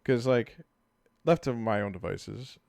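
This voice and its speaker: A man in his thirties rambles through casual podcast chat. He swears freely and acts out bits of dialogue with lots of energy. His voice sits in a middle pitch, recorded close and dry with no room sound. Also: unhurried, gravelly, no echo. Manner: rambling, profane, animated storytelling with acted-out quotes. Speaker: podcast co-host.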